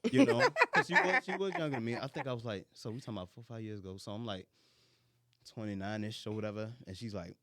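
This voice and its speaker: A man in his thirties, hosting a casual chat and telling stories in an animated, colloquial way. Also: lowish voice, fast talker, crowd noise. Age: 30s.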